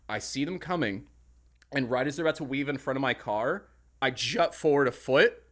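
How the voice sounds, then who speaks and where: A young man spins a story in casual podcast chat, his voice sitting a bit high for a man. He is animated and swears freely, acting out his own angry outbursts. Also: normal speed. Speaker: podcast co-host.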